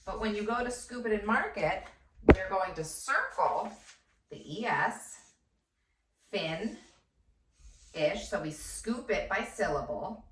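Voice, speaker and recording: A woman's voice: mid-range voice, expressive, slow pace, long pauses, far from the mic, slight background noise. A first grade teacher, a woman, giving a patient phonics lesson and sounding out words syllable by syllable. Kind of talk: slow phonics lesson for children. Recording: echoey room, voice off-mic.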